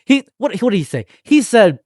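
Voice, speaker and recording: A man hosting a casual commentary chat, rambling and joking with excitable bursts. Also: very high voice, brisk, no echo, studio quality. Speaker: channel host.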